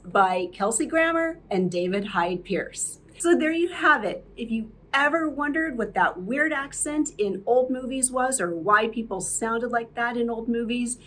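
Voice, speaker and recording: Woman, podcast host, slow delivery, scripted but chatty, occasional fillers. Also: fairly high pitch.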